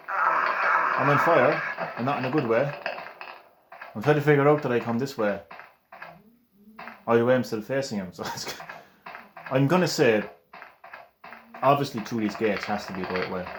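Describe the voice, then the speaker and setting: A man giving chatty, excitable commentary while he plays a game. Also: mid-range voice, noisy background. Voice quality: chatty, excitable, swears casually. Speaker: gameplay commentator. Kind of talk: casual gameplay commentary.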